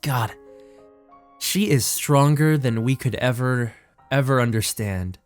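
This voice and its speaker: A man's voice: mid-range voice, slow, faint music behind. A man reading a visual novel aloud as a game streamer, adding emotional, reflective asides.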